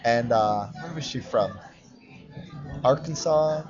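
A man's voice: medium pitch, takes it slowly, over music. A man co-hosting a casual chat, playful and mock-pompous as he teases his co-host. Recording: lo-fi recording with crowd chatter behind.

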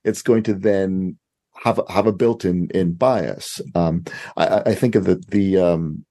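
A man hosting a podcast, talking casually in a halting, rambling way. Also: low-pitched, warm tone. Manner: rambling, halting, restarts often. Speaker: podcast host.

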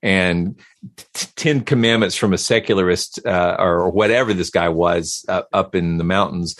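A man talking casually as a podcast guest, animated and given to repeating words as he starts a thought. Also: sits low, normal speed, no echo, clean studio sound. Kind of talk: casual conversation.

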